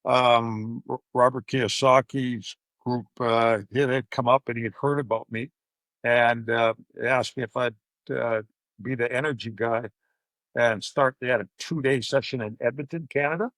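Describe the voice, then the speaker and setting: A man's voice: medium pitch, fairly even intonation, moderate pace, fairly bright tone, no room sound. An older man, a podcast guest and coach, telling anecdotes in a casual interview and acting out the voices of people he quotes.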